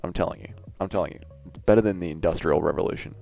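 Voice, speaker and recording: Tired, chatty Australian man, low and gravelly. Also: rapid-fire, hardly any pauses, warm tone, soft background music. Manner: loose and swearing, chatting with viewers and laughing often. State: tired from an early wake-up. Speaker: streamer hosting a live fight watch-along. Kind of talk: casual live-stream chat.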